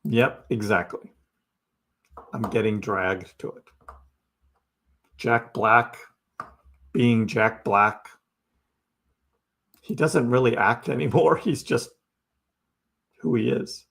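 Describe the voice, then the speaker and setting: A man's voice: medium pitch, slow pace, gravelly, long pauses, a bit bright. A middle-aged man hosting a crypto livestream, casually answering viewer chat with wry jokes and frequent laughs. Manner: chatty and wry, laughs often.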